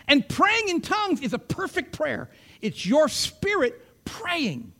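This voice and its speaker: A man preaching a sermon, swinging between loud declarations and hushed whispers. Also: extremely high pitch, huge pitch swings, slow pace.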